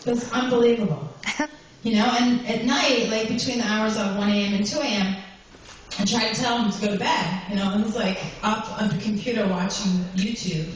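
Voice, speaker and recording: A woman doing stand-up comedy in a loose, rambling way that is full of ums and likes, her voice at a middling pitch. The sound is cavernous and echoing, picked up from far off with a faint hiss underneath. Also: fairly even intonation, fairly quick. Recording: echoey room, far from the mic, faint noise.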